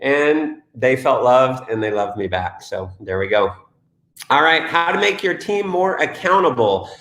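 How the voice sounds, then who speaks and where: A man coaching network marketers in a live question-and-answer session. He talks in an energetic, motivational way and reads out viewer questions. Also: fairly high pitch, gravelly, reverberant.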